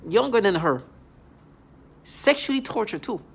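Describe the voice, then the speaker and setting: Gravelly voice ranting in accusations. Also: medium pitch, very animated. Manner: accusatory, repetitive, halting. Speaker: vlogger. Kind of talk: angry vlog monologue.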